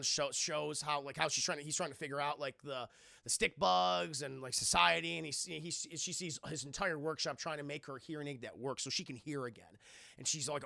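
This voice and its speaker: Gravelly excitable man streamer. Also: a little high, dry recording, clean studio sound. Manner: excitable, profane, acting out scenes with sound effects. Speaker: streamer reviewing a film. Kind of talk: live-stream spoiler recap talking to chat.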